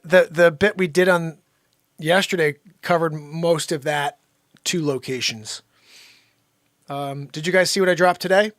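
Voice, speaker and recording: A man hosting his comedy show, chatting in a casual, excited and upbeat way and laughing often. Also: a little high, dry recording, clean studio sound. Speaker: show host.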